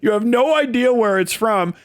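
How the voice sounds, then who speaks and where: A man's voice: extremely high pitch, normal speed, no room sound, studio quality. A young man ranting on a livestream, profane and mocking, slipping into sneering impressions of others. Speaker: live streamer. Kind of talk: angry political rant on a livestream.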